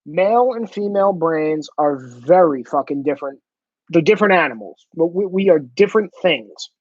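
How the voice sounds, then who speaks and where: A man's voice: high voice, dry recording, dull audio. A man in a blunt, profane ranting monologue, swearing heavily for emphasis. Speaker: commentator.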